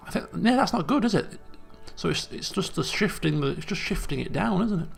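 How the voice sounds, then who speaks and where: Gravelly man thinking aloud over a game. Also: high-pitched, expressive, a little fast, faint music behind. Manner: thinks aloud, self-questioning, chatty. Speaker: let's play host. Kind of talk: casual gaming commentary.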